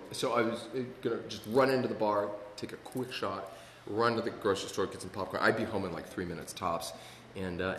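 A man's voice: lowish voice, fairly bright tone, a little hiss or hum. A man giving a personal testimony at a recovery meeting, storytelling in a rambling way with many fillers and wry humor. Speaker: speaker sharing his story at a recovery meeting. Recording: echoey hall with long reverb and faint ambience.

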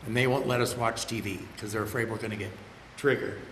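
A man's voice: fairly low pitch, steady tone, fast talker, fairly bright tone. An older man earnestly telling a personal story about getting sober, in a conversational way, sometimes repeating words. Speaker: storyteller sharing his recovery story. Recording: roomy with faint background noise.

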